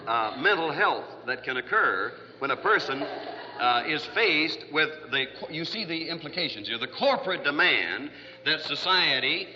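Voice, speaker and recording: A man's voice: on the high side, lively intonation, moderate pace, pushed and bright. A man giving a rambling lecture full of fillers, telling jokes with acted voices, in an old archival recording. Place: lecture hall. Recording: distant hall, dull archival lo-fi recording.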